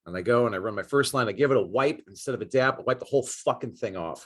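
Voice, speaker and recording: A man's voice: medium pitch, sing-song, quick pace. A man hosting a podcast interview who chats casually, swears freely and laughs often. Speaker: podcast host. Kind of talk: casual chat.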